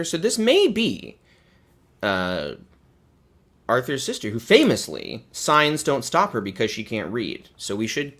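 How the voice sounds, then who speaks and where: A man giving sarcastic, profane commentary while streaming. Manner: swears freely, lively pitch swings.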